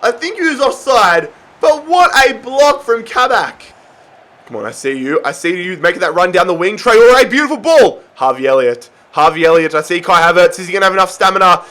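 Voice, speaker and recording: A young man giving excited, often yelled commentary on his own football video game match. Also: high voice, a little fast. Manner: excitable, yells at big moments. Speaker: gaming YouTuber.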